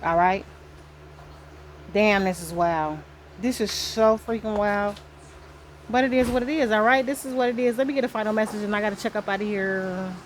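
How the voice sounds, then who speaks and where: A woman chats her way through a spiritual card reading for her viewers, rambling and casual, with the odd curse word. Her voice sits at a middle pitch. A faint hum of room ambience lies under her voice indoors. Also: normal speed. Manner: rambling, talkative, swears casually.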